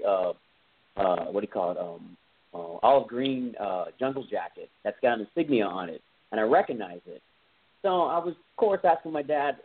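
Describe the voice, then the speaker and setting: A podcast host with a husky, medium-pitched voice retells a film scene casually and enthusiastically, rambling with many fillers. The audio sounds tinny, like a phone.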